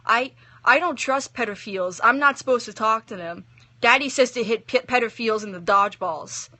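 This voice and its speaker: A young woman voicing a bold, chatty little girl in a high, squeaky, blurting voice. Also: a little fast, bright, forceful tone, no echo. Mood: curious.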